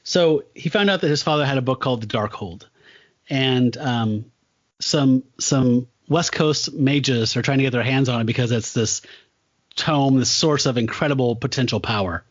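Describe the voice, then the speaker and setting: A man's voice: mid-range voice, normal speed, no echo, muffled recording. A man co-hosting a podcast, chatting casually about comic books, rambling with frequent ums and chuckles. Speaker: podcast co-host. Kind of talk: casual comic book chat.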